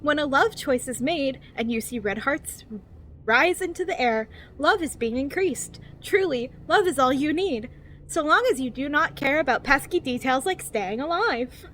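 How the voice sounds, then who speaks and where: A woman's voice: high voice, animated, moderate pace, a bit bright, a little hiss or hum. A woman streamer reading game text aloud in a cheery infomercial-style voice and giggling often.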